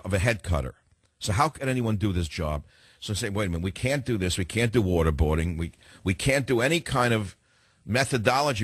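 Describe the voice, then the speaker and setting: Fast-talking New York radio host. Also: male voice, lowish voice, no room sound. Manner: fast, emphatic, combative, with frequent repetitions. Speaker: radio talk show host. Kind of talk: opinionated talk radio monologue.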